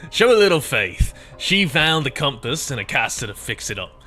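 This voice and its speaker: A man voicing a steady, loyal male pirate crewman with a put-on pirate growl. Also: medium pitch, normal speed, soft background music, voice pushed up. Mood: firm.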